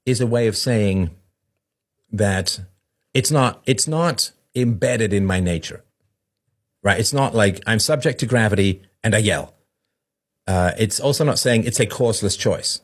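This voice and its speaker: A low-voiced man talks through an idea in a long conversational monologue, the way a podcast host would. He keeps checking in with "right?" and briefly acts out the voices of the people he quotes. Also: expressive, normal speed. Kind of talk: explanatory monologue.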